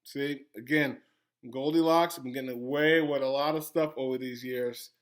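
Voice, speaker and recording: A man, a school principal, reading a children's story aloud with animated, gasping, teacherly asides to young pupils. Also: mid-range voice, moderate pace.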